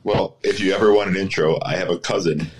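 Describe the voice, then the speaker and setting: A man co-hosting a casual podcast chat, delivering jokes deadpan and nonchalant. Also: sits low, fast, a little hiss or hum, poor audio. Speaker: podcast co-host.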